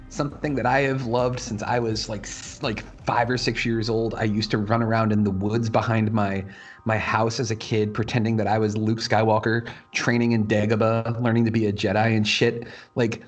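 A man hosting a casual geek podcast, ranting excitedly, swearing freely and laughing often. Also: on the low side, breathy edge. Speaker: podcast host.

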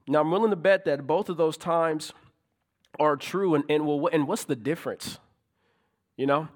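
A man's voice: a little high, fairly quick. A man preaching a sermon in a conversational way, asking rhetorical questions and building to emphatic peaks. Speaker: pastor.

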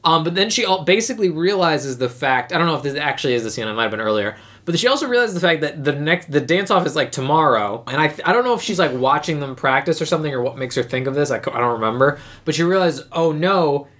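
A podcast co-host chatting casually about a film. The voice sits at a middling pitch, and the talk wanders, hesitates and restarts as plot points are recalled. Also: animated, quick pace, few pauses, fairly bright tone. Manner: rambling, hesitant, full of fillers and restarts. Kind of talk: casual chat reviewing a movie.

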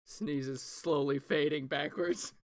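A woman playing in a tabletop game, making slow, playful remarks. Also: deep voice, steady tone, a little mellow, no echo. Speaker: player. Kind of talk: casual tabletop play.

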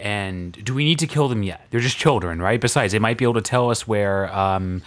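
A man playing a tabletop game, talking casually in a cautious, measured way. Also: lowish voice. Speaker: player.

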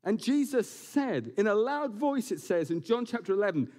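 A man preaching a sermon to his congregation in a church building, animated and quick to slip in jokes and asides. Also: high-pitched. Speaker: pastor.

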